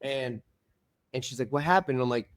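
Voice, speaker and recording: A man's voice: mid-range voice, a little fast, no room sound. A man talking as a guest on a podcast, telling stories in an earnest, rambling way with lots of fillers. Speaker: reality show contestant and podcast guest. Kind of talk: casual chat.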